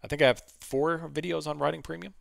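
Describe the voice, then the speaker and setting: A man hosting a casual trading livestream, his voice hoarse from talking, answering viewer questions and reading numbers off charts. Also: fairly high pitch, little pitch movement, fast, no room sound, studio quality.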